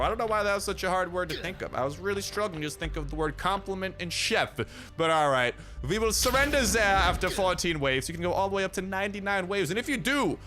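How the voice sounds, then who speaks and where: Male game host, goofy hype commentary, bright voice over faint music. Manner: goofy and hyped, with sudden high squeals. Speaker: gaming video host. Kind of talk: energetic gameplay commentary.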